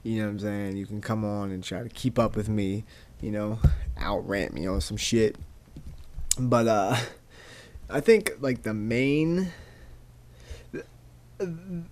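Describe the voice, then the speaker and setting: A man's voice: on the low side, a little mellow. A young man hosting a casual solo podcast, ranting in a rambling, profane way and often repeating words as he goes. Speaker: podcast host.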